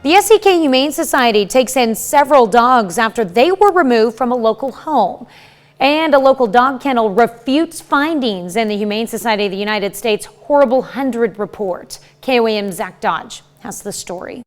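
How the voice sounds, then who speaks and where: A woman morning news anchor reading scripted stories in a crisp, friendly manner. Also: fairly high pitch, lively intonation, moderate pace.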